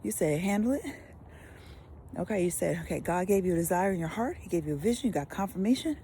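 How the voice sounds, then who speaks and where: Woman pastor, mellow dark tone, animated delivery with whispered asides. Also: fairly low pitch, fast talker, a little hiss or hum. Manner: animated, swings from loud emphasis to whispers. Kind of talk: lively devotional teaching.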